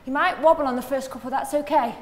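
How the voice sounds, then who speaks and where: A woman's voice: high voice, fast talker. A woman fitness instructor coaching a workout while doing it herself, counting reps and calling out moves, a little out of breath.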